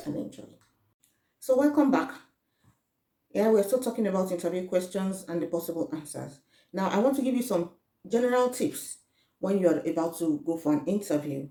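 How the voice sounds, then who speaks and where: A woman's voice: lowish voice, warm tone. Earnest woman coaching in echoey room. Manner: earnest, repetitive, with frequent restarts and fillers. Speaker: relocation coach. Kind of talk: casual advice vlog.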